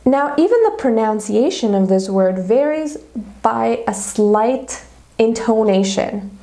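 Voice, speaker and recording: A woman's voice: on the high side, expressive, slow, mellow. A woman teacher giving a grammar lesson video, explaining methodically step by step with examples.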